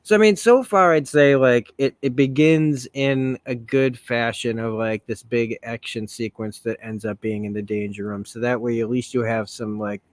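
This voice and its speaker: A man's voice: medium pitch, steady tone, moderate pace, hardly any pauses, no room sound. A man giving casual commentary on a comic book, rambling and correcting himself as he goes. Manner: rambling, self-correcting, laughs often.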